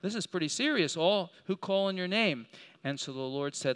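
A man's voice: high-pitched, expressive, moderate pace, fairly bright tone, clear, resonant tone. A man teaching a Bible lesson in a sermon style, talking in a conversational way, asking his listeners questions and acting out the lines he quotes.

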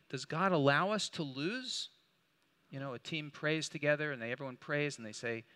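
A man with a fairly high, expressive, slightly bright voice leads a conversational Bible study at a moderate pace, posing rhetorical questions and restarting as he looks up verses. The recording has long hall reverb.

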